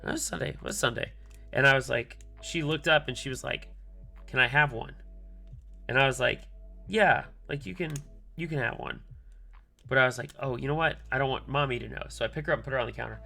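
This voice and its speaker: A man's voice: medium pitch, fast, vocal fry, bright, forceful tone, faint music behind. A man in his thirties, a streamer telling a long rambling story full of fillers while he works on a keyboard, muttering asides to himself. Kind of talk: casual storytelling while working.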